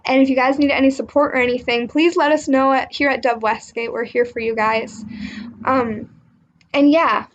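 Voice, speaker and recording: A young woman with a slightly high voice talks to children in a relaxed, friendly way as their church teacher. She wanders a little and corrects herself mid-thought. A faint hiss of noise sits under her voice. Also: moderate pace, highs cut off. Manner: friendly, chatty, with fillers and restarts. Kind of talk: casual kids' Bible lesson.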